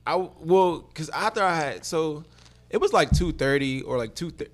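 A man telling a story in casual chat, profane and laughing, with his pitch swinging. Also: lively intonation, normal speed.

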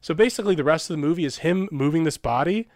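A man's voice: fairly high pitch, animated, fast talker, a little mellow, no echo, clean studio sound. Rambling, laughing young man. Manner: rambling, laughing, swears often. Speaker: podcast co-host. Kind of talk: casual chat.

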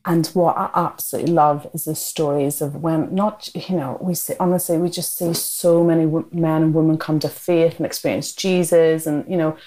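A woman who leads a prison ministry, telling lively, self-deprecating stories in a podcast interview. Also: sits low, moderate pace, few pauses, low-quality recording.

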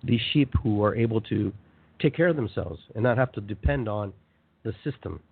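A man hosting a motivational spiritual talk show, speaking in an animated, conversational way and repeating phrases for emphasis. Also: lowish voice, moderate pace, husky. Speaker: radio show host. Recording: tinny phone-line sound.

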